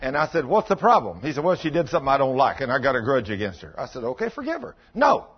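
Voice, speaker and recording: A man's voice: expressive, racing, husky. A man preaching a sermon, telling stories in a folksy way and acting out the dialogue. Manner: folksy, acts out dialogue, drops to low intense tones. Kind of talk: sermon storytelling. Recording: dull lo-fi sound.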